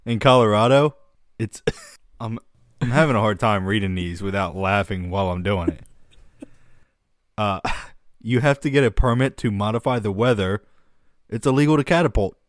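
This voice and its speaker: A man's voice: fairly low pitch, moderate pace, long pauses, no room sound, clean studio sound. A man co-hosting a casual comedic chat, laughing often and slipping into put-on regional voices.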